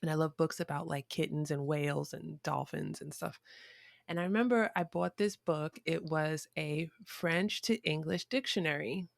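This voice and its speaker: A woman's voice: deep voice, normal speed, vocal fry, no echo, studio quality. A woman guest on a podcast, telling a childhood story in a reflective way, with frequent restarts and fillers. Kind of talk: conversational storytelling.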